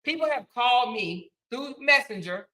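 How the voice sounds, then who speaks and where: A woman's voice: fairly high pitch, animated, normal speed, sharp tone, low-quality recording. A woman hosting a casual livestream, chatting and thanking viewers as she reads their comments. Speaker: livestream host.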